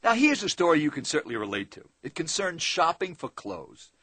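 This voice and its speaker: Male sales trainer, chatty seminar storytelling, lively, slightly husky. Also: on the high side, fairly quick, dry recording. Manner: conversational, addresses listener directly, asks tag questions.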